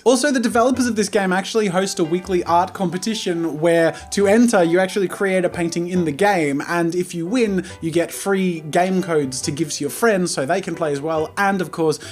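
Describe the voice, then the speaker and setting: A man hosting an online art channel and talking to viewers in an upbeat, chatty way. His voice sits fairly high, and he laughs easily between sentences. Quiet music plays faintly behind him. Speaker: YouTube art channel host. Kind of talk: casual video outro.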